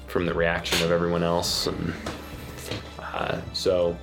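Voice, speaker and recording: A man narrating a tabletop game as game master in a relaxed, rambling way. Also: sits low, measured pace, vocal fry, music in the background.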